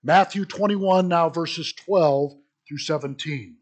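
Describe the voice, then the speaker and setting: A middle-aged man gives a sermon in a loose, conversational manner, wandering off on asides and restarting phrases as he goes. His voice is somewhat husky and sits a little high for a man. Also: expressive, unhurried. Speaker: pastor.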